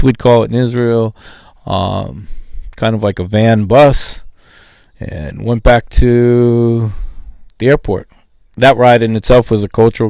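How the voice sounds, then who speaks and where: In a dry recording, a man with a slightly mellow voice relates his testimony in an easygoing, storytelling manner, switching pitch to voice the dialogue he quotes.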